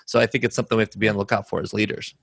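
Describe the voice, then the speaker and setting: Low-voiced thoughtful male host. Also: flat delivery, rapid-fire, vocal fry, no echo. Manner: thoughtful, affirming, frequent "right?". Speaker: podcast host. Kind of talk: interview questions and reflection.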